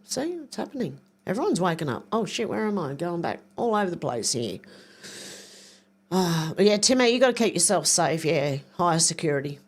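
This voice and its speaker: An older woman hosting a casual livestream, reading viewer comments aloud and rambling as she clicks around. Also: on the low side. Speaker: livestream host.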